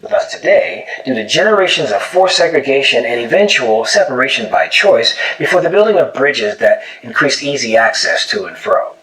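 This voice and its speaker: A man with a Gullah Geechee accent presents like a teacher, stretching out example words with care. His pitch swings widely from phrase to phrase. He sounds a little off-mic. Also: big pitch swings, fairly bright tone, far from the mic, poor audio. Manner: measured, demonstrates words slowly. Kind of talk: scripted explainer.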